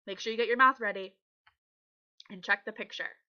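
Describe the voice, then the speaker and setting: A woman's voice: medium pitch, normal speed, clear, resonant tone, highs cut off. A woman teaching young children to read, patient and encouraging as she sounds out letters. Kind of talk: reading lesson for young children.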